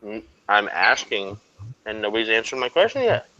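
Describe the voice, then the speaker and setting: A man's voice: lowish voice, sing-song, normal speed, highs cut off, crowd noise. A man on an online voice chat, joking around rowdily, swearing freely and short on sleep. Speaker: panelist on a voice chat. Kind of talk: casual chat.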